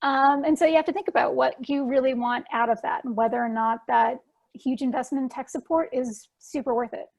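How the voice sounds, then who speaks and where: A woman's voice: high-pitched, steady tone, brisk, creaky, a little mellow. A woman answering questions at an online talk in a chatty way, with lots of fillers and restarts. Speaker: guest speaker answering questions. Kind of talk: casual conference Q&A.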